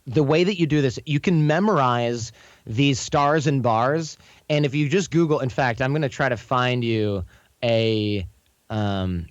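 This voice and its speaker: Man, podcast guest, mid pitch, chatty and anecdotal, muffled dry sound. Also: dry recording. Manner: quick, chatty, anecdotal, frequent self-corrections. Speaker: podcast guest, charm coach. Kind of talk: casual conversational explanation.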